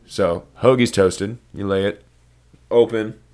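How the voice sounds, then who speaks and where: A man's voice: on the low side, steady tone, takes it slowly, a little mellow, clear, resonant tone. A man hosting a podcast, talking casually in a loose, rambling way with lots of swearing. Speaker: podcast host. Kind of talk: casual chat.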